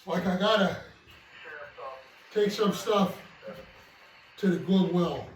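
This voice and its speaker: A man's voice: high voice, takes it slowly. A man chatting casually to his viewers from a cluttered basement, rambling and puffing, winded as he moves things around. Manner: rambling, loose, with many fillers and puffing sighs. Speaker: hobby vlogger. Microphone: distant from the mic, moving around the room. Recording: echoey basement from a distance, faint noise.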